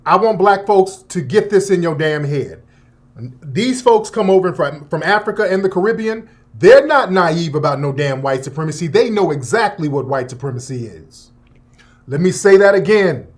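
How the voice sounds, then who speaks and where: At normal speed and in a high voice, a talk radio host delivers a swearing, opinionated monologue. He's lively, laughs, and mocks people with put-on voices.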